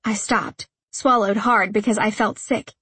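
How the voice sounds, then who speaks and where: A woman's voice: medium pitch, steady tone, unhurried, bright, forceful tone, breathy edge, no echo. A woman reading first-person audiobook narration in an earnest, emotional way, close to the mic.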